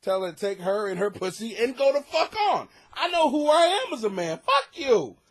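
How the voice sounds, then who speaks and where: In a home basement, a man with a high, very animated voice at normal speed reads listener letters on his comedy podcast. He rants crudely and profanely, offering advice wrapped in sarcastic mock outrage.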